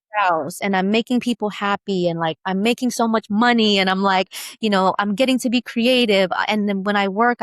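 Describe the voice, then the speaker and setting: A woman guest, a brow tattoo business founder, telling her personal story in an interview in emphatic, animated bursts. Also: medium pitch, dry recording, clean studio sound.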